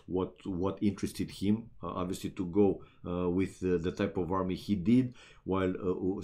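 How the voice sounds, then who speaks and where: A man from Romania commentating a strategy game match live, sitting at the lower end of the male range. His tone is warm and mellow. He talks loosely and chats with the viewers as he goes. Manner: chatty, talks straight to chat viewers, many "uh" and "man". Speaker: esports caster.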